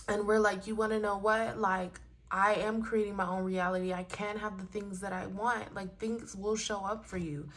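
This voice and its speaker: A young adult woman speaks straight to her viewers in a casual spiritual card reading. She talks in an earnest, affirming way, and she grows animated and emotional as she goes. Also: mid-range voice, normal speed, hardly any pauses. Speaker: oracle card reader.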